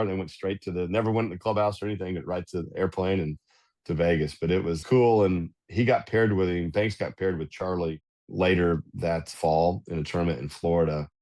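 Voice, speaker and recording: Man, middle-aged, very low voice, casual anecdotal storytelling, podcast guest. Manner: animated anecdotal telling with fillers. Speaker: guest, golf club director.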